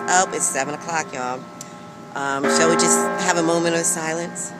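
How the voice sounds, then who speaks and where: A woman's voice: on the low side, moderate pace, over loud music, poor audio. A woman talking frankly and emphatically to her viewers in a weight-loss vlog, recorded outdoors in a city early in the morning. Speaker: vlogger. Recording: outdoor recording with clear traffic noise.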